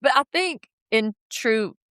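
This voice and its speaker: A woman's voice: a little high, slow, clean tone, dry recording, clean studio sound. A woman co-hosting a casual podcast, recapping a reality show and slipping into voices to quote the cast. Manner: animated, slips into quoted voices. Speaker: podcast co-host.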